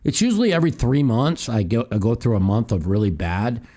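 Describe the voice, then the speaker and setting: A man's voice: mid-range voice, big pitch swings, fairly quick, dark tone. A man hosting a call-in talk show, ranting heatedly with profanity and mocking quotes.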